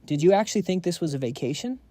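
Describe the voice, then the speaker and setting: A man's voice: high voice, expressive, fast, mellow, no room sound. A man voicing a young rich daughter who is cute, pushy and teasing. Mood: pleading. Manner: pleading and teasing.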